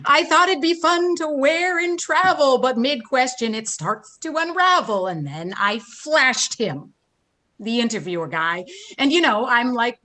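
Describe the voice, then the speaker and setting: A woman's voice: on the high side, bright, forceful tone, full character voice. A woman reading the role of a shy but talkative young American woman who rambles and fights tears, over a video call. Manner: chatty, rambling, tearful.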